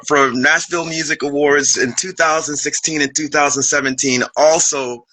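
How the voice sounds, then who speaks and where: A man hosting an interview, excited and laughing, stumbling over his words as he introduces his guest. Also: a little high, low-quality recording. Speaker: host.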